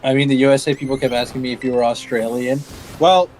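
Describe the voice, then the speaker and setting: A man's voice: mid-range voice, fairly even intonation, fast, darkish tone, a little hiss or hum, poor audio. A man streaming a game, chatting casually and muttering at the screen. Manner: laid-back, muttering at the game. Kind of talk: casual chat while gaming.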